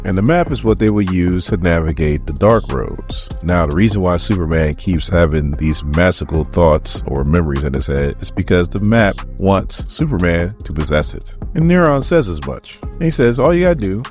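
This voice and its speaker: A man hosting a comic book channel, recapping a story in a casual, slangy, animated way. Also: low-pitched, normal speed, hardly any pauses, soft background music.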